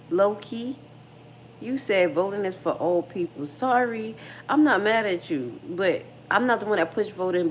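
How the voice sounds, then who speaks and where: A woman's voice: mid-range voice, slight background noise. A middle-aged woman hosting a casual livestream, frank and slangy, talking straight to her viewers and reading their comments. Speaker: livestream host.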